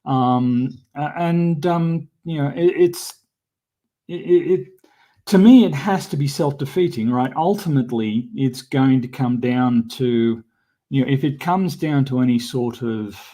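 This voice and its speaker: A man talking as a livestream guest in a measured way, pausing often with ums. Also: mid-range voice, mellow. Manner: slow and measured, many ums. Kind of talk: casual discussion.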